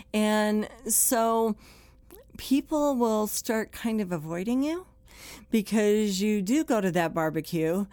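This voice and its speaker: A woman's voice: on the low side, a little mellow, dry recording. A woman hosting a podcast for first responders, giving plainspoken advice in a conversational way and acting out quoted complaints.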